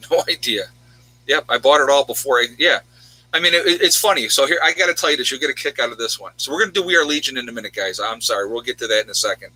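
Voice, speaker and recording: A man's voice: mid-range voice, pushed and bright, breathy edge, no room sound, rough recording. A man hosting a casual livestream, chatting with viewers and rambling through their home towns. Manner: rambling, reads out viewers' locations. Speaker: livestream host.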